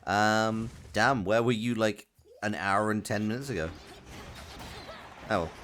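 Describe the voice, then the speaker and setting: A man's voice: on the low side, steady tone, unhurried, fairly bright tone, slight background noise. A man streaming a game live, chatting casually and reading out chat messages between plays. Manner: chatty, rambling, reads chat aloud. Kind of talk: casual live gaming commentary.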